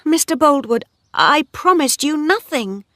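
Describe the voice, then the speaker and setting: A spirited young woman farmer, voiced by a woman reading the story aloud. She speaks high and slowly, her pitch rising and falling with feeling. The sound is close and dry. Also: animated, fairly bright tone, dry recording. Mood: pleading. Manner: earnest, pleading, emotional.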